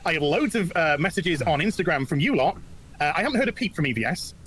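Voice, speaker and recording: A male YouTuber in a clip sounds defensive and aggrieved. His voice sits a little high and moves quickly. Faint room ambience hangs behind him. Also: sing-song, a bit bright, slight background noise. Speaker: YouTuber speaking in a played clip.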